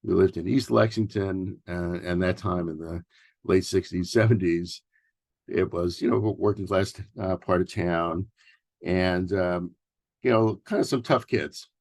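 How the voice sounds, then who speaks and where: A man in his sixties from New York City giving a relaxed workshop talk as a therapist, mixing advice with personal stories and often pausing on fillers and restarts. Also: deep voice, no echo, clean studio sound. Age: 60s. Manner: loose and conversational, with many fillers and restarts. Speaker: workshop presenter, family therapist.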